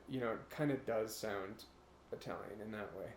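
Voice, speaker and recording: A man's voice: fairly low pitch, moderate pace, reverberant. A man co-hosting a casual chat, rambling and breaking into brief imitation voices, a little nervous about recording. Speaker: podcast co-host.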